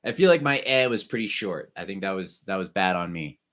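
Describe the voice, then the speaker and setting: A man teaching an online music lesson, guiding students through breathing and warm-up exercises with short, encouraging instructions. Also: low voice, expressive, fairly quick.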